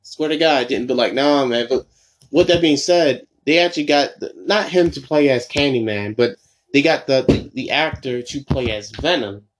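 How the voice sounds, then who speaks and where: A young man hosting a casual solo podcast, rambling and excitable, full of fillers and restarts. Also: medium pitch, moderate pace, a little hiss or hum. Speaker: podcast host.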